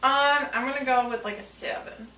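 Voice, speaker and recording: A young woman guest giving relaxed ratings in a casual podcast chat, hedging with "like" and "um". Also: sits high, moderate pace. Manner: easygoing, hedges with "like" and "um". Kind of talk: casual chat over food and drinks. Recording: echoey room, mic at a distance, background noise.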